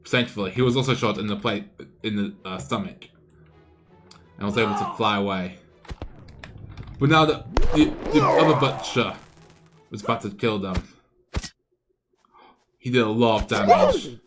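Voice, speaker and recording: A man's voice: lowish voice, lively intonation, normal speed, long pauses, over loud music. A man streaming live, narrating a game battle as an improvised, playful story with frequent restarts.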